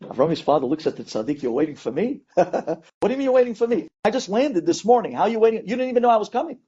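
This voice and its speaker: A man, a rabbi, telling an inspirational story dramatically, acting out each person's pleas with big swings in pitch and loudness. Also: very animated, rapid-fire, slightly rough, lo-fi sound.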